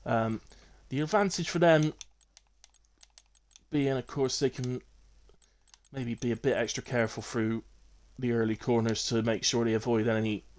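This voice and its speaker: A man's voice: mid-range voice, fairly even intonation, normal speed. A man in his thirties with a Bristolian accent, chatting casually as he commentates a live online sim race and reads out lap times. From Southwest England. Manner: chatty, banters with chat between calling lap times.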